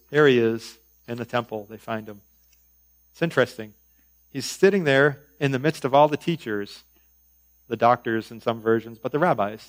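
A man preaching in a relaxed, conversational way, his voice at an ordinary middle pitch. He drifts between reading scripture and chatty asides, often pausing on "um" and "you know". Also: low-quality recording. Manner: conversational, with frequent fillers and asides. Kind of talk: sermon.

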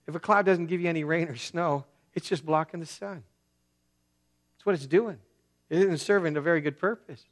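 A male pastor delivers a sermon in an easygoing, conversational way. He leans on casual asides and slang. His volume rises in bursts and then drops to near quiet. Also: a little high, moderate pace.

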